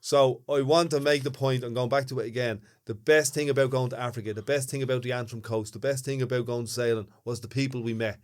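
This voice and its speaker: An Irish man chats on a podcast at an everyday middling pitch. He teases his co-host and is quick to laugh, keeping the talk light and friendly. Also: steady tone. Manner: jokey, teasing, quick to laugh. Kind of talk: casual chat.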